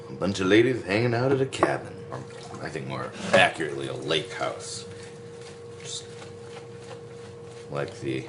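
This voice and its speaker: A man's voice: low voice, lively intonation, unhurried, long pauses, noisy background. A man hosting a podcast, chatting casually in a goofy, joking way. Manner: goofy, joking, sing-song bits. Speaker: podcast host. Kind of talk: casual comedic chat.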